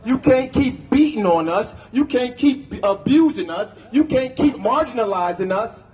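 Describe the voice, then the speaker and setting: A man's voice: extremely high pitch, animated, normal speed, a little mellow, husky, poor audio. A man giving a raw, profane speech at an outdoor protest, leading the crowd in chants. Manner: angry, profane, leads chants. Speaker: protest speaker. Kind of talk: impassioned rally speech.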